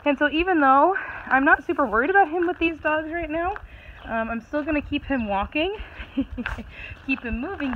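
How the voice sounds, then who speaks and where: A woman training her dog outdoors, chatting with a laugh between her explanations and breaking off for bright, quick commands and praise. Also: fairly high pitch, muffled recording, a little hiss or hum. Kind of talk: casual training vlog commentary.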